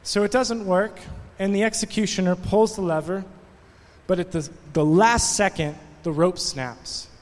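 A man with a high voice preaching a sermon in a church. He tells a story in a relaxed way, then builds to passionate, rising preaching. A long hall reverb hangs on his words. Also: unhurried. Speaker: pastor.

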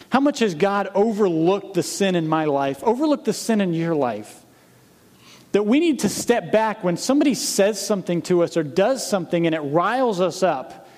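A man preaching as a pastor, speaking earnestly to his congregation and reading scripture slowly with emphasis. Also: high voice, a little mellow. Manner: earnest, direct appeals to the congregation. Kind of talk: sermon. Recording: long hall reverb.

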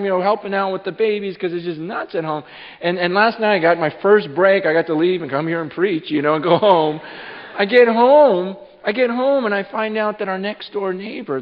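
A man in his thirties preaching a sermon, halting and repeating words, telling stories with lively acted-out asides. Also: fairly high pitch. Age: 30s. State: short on sleep. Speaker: pastor. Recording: dull sound with long hall reverb.

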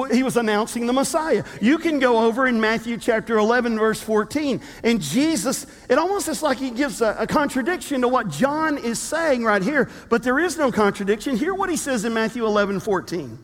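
A man preaching a sermon as a pastor, telling a story in a lively way with humorous asides. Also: very high-pitched, normal speed. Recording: long reverb of a large hall.

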